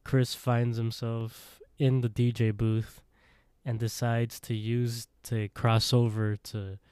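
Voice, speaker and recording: A man's voice: mid-range voice, level tone, slow, a little mellow, clean tone, dry recording. A man co-hosting a podcast, casually recapping an episode in a rambling way. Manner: rambling retelling with quoted voices and laughs. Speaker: podcast co-host.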